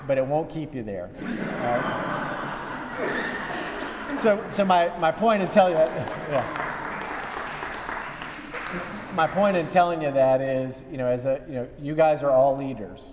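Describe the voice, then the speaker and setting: A man in his fifties, an army general, giving a relaxed after-lunch speech to a business group, telling folksy stories with dry humor and many fillers. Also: on the high side, unhurried, pauses often, crowd noise, noisy background. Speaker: guest speaker, army general. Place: meeting room before a live audience. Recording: long reverb of a meeting hall.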